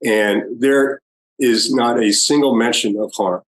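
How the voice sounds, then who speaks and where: A man, a guest on a podcast interview, building a measured argument with many pauses. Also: medium pitch, rough recording. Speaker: guest expert.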